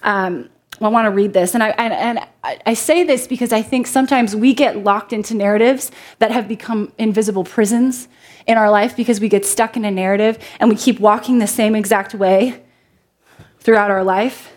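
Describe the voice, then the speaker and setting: A woman's voice: mid-range voice, fairly even intonation, moderate pace, darkish tone. A woman preaching a sermon to a congregation, reading scripture and talking in a conversational way that jokes with the listeners. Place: church before a congregation.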